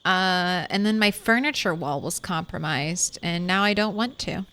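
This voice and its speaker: Chill gamer girl streaming, talks slow and laughs a lot, smooth clear voice, dry mic. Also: on the low side, bright, forceful tone. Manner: chatty, laughs often. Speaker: game streamer. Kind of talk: casual gameplay commentary.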